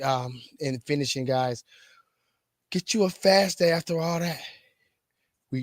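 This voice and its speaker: Middle-aged fitness coach guy, kinda higher voice, keeps stumbling and repeating himself, super dry sound. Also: sharp tone, no room sound. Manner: repeats words and restarts often, colloquial and emphatic. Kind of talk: casual talk to camera. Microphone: camera mic.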